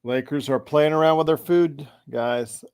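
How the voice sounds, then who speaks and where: A man in his forties hosting a casual basketball chat, rambling with restarts and sudden excited outbursts. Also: on the high side, a little slow, clear, resonant tone. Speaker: host of a basketball chat show. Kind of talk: casual live game chat.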